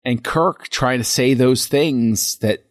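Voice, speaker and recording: A man co-hosting a podcast, talking through a film scene in a reflective, halting way with frequent restarts. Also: mid-range voice, no echo, clean studio sound. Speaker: podcast co-host. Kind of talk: casual film discussion.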